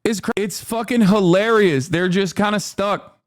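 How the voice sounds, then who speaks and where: A man in his thirties doing casual political commentary on a stream, profane and animated, mocking people in quick put-on quotes. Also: sits high, no echo, studio quality.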